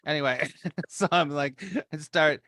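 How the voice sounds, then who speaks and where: Bright, animated man telling a story. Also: a little high, measured pace, no room sound, studio quality. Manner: animated, acts out his own reactions in quotes; rambling with frequent restarts. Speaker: spiritual teacher leading a meeting. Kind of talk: casual storytelling to a group.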